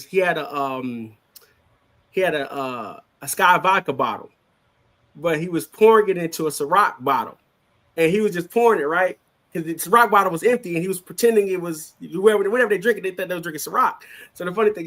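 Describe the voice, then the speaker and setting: A man co-hosting a casual podcast chat, joking around and dropping quick asides. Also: fairly high pitch, pushed and bright. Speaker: co-host.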